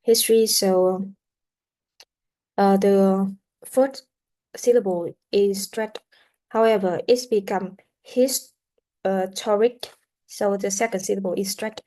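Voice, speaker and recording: A woman teaching English pronunciation in a recorded lesson, explaining slowly with many "uh" fillers and modeling words for students to repeat. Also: mid-range voice, steady tone, warm tone. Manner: slow, explanatory, with frequent "uh" fillers; models sounds and words for repetition. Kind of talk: recorded classroom lecture.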